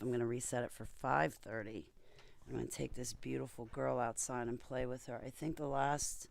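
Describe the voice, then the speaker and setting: Rambling blunt woman with a gravelly voice. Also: rumbling low, darkish tone. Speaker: vlogger. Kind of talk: casual chat on a video call.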